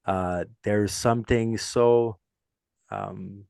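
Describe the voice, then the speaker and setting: A man's voice: fairly low pitch, steady tone, drawn-out words, vocal fry, a little mellow, smooth, dry recording, clean studio sound. A man with a French Canadian accent hosting a casual podcast chat, earnest and rambling, laughing often as he tells stories. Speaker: podcast host.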